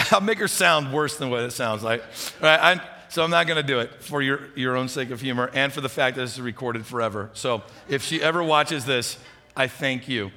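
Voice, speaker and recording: Bright-voiced man preaching in a hall. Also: mid-range voice, normal speed. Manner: conversational storytelling, asks the audience questions. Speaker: pastor. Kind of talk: sermon. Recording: long hall reverb.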